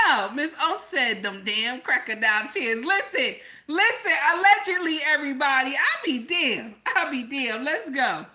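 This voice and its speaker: A high-voiced woman rants through a casual reaction video. She keeps repeating lines and firing off rhetorical questions. Her voice has a bright, forward edge. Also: lively intonation, moderate pace, hardly any pauses. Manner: repetitive, exclaiming, rhetorical questions. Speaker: commentary vlogger.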